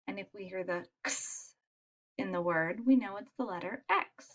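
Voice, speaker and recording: A woman teaching young children letter sounds in a patient, encouraging way, modelling each sound clearly. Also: medium pitch, moderate pace, fairly bright tone. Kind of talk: phonics lesson for young children.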